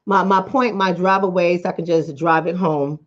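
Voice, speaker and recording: A woman's voice: fairly low pitch, fairly even intonation, normal speed. A woman with a Bronx accent giving a blunt, fired-up vlog monologue as a commentator and coach. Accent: New York, Bronx. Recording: slightly dull lo-fi audio.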